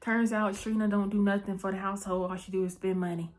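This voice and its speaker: A woman's voice: medium pitch, flat delivery. Chatty woman recapping a movie. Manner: chatty storyteller, keeps checking in with "okay?"; breezy and playful, with asides and quick self-corrections. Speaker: vlog host. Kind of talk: casual chat movie recap.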